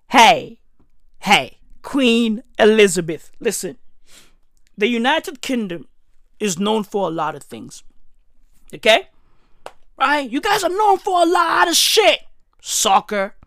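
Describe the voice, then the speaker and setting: Loud ranting young South African woman. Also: a little high, no room sound, studio quality. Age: young adult. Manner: loud, profane, emphatic, often shouting. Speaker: comedian. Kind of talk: comedic rant.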